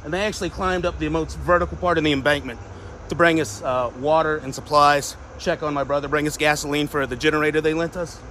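A man speaks quickly in a news field interview, outdoors on a steep hillside. His voice is bright and edgy and sits a bit high. He talks with open emotion, holding it back. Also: steady tone, slight background noise. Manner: emotional, fast-talking. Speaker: local resident.

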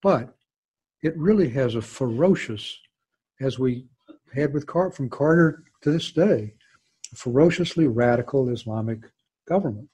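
A man's voice: mid-range voice, expressive, measured pace, dark tone, husky. An older man with a Southern US accent, a former diplomat telling emphatic, digressive anecdotes as a guest speaker. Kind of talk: storytelling talk with audience Q&A.

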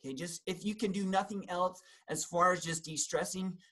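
A man talking as a guest health practitioner in a casual discussion, animated, breaking into loud acted outbursts and dropping into hushed asides. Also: high-pitched, moderate pace, poor audio. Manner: animated, acts out angry outbursts and quotes.

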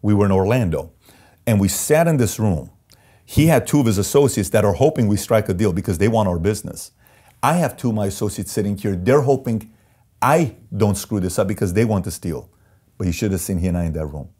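Man, interview guest, husky, dark tone, emphatic storytelling. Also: on the low side, expressive, brisk. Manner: intense, emphatic, acts out quoted voices. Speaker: interview guest, company CEO.

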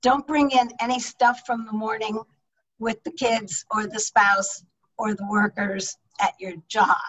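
Teaching leadership online, this middle-aged woman, a public speaking coach, sounds energetic and emphatic through her video call microphone. She keeps a measured pace with a voice on the high side; the recording is rough and captured from a distance.

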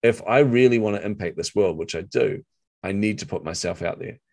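A middle-aged man with a New Zealand accent, an interview guest telling animated stories and acting out quotes. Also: fairly low pitch, fairly quick, creaky. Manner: animated storyteller, acts out quotes. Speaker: guest, marketing coach. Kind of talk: storytelling interview chat.

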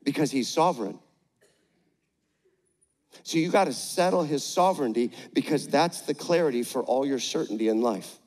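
An older man preaching a sermon on stage, energetic with the crowd and gentle with a child. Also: mid-range voice, normal speed, pauses often. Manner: energetic, rallies the crowd with call-outs; gentle and playful when talking to a child. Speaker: pastor. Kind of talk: sermon with a live demonstration. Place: large church auditorium, on stage. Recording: echoey large church hall.

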